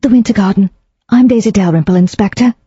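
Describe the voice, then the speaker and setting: Spirited young gentlewoman, crisp delivery, dull dry audio, narrator reading. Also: medium pitch, no room sound, pitched above the performer's own voice, lightly acted. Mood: brisk. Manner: brisk, crisp, a little tart. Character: spirited young aristocratic woman writer.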